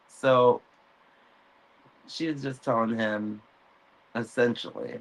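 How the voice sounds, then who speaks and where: A man hosting a casual recap show, relaxed, chuckling often, with many fillers. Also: lowish voice, slow, low-quality recording.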